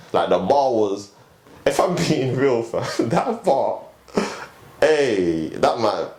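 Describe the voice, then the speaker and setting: A young man tells a story in a lively, sing-song voice full of slang, and he laughs often as he talks. His voice is mid-pitched. The room sounds roomy and echoey, with a faint hum in the background. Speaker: guest DJ. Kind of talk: casual storytelling chat.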